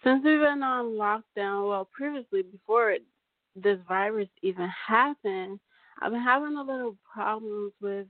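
A woman's voice: mid-range voice, normal speed, dry recording. Woman from california calling a radio show, lots of ums, dry tinny phone sound. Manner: hesitant, lots of ums and restarts. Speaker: caller.

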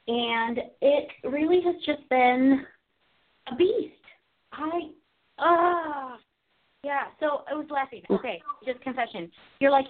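A woman with a high voice co-hosts a Christian comedy talk show, speaking candidly and with self-mockery. Her talk drifts between casual chat and spoken prayer. The sound comes through thin, like a phone line. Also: a little slow. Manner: candid, self-mocking, confessional.

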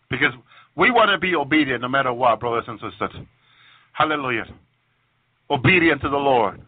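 A man's voice: mid-range voice, animated, a little fast, long pauses, husky, no echo. A man, preaching a fervent, repetitive testimony sermon and often breaking into praise. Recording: tinny dry phone-like radio broadcast.

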